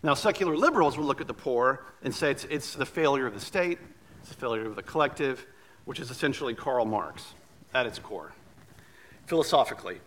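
A man's voice: medium pitch, animated, fairly quick, a bit bright. A man preaching a sermon as pastor, telling stories in a conversational way with light humor.

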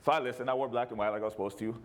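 A man's voice: mid-range voice, fairly even intonation, very fast. A male pastor preaching a sermon in an emphatic, repetitive way.

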